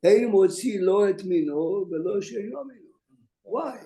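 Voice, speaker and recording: A man, a rabbi, giving a Talmud study lecture to students. He reads texts out rapidly, then stops to explain them and urges his students to listen. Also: high voice, animated, dark tone. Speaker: rabbi teaching a class. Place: classroom with students. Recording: roomy echo.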